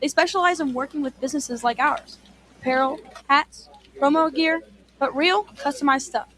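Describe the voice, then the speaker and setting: A woman's voice: high-pitched, moderate pace, fairly bright tone. A woman acting in a scripted radio ad dialogue, confident and persuasive. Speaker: ad voice actor.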